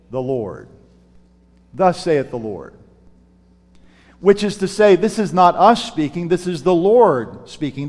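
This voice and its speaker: High-voiced man teaching in a hall. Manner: emphatic, rhetorical questions, repeats words. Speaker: Bible class teacher. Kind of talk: Bible class teaching. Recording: long reverb of a large room.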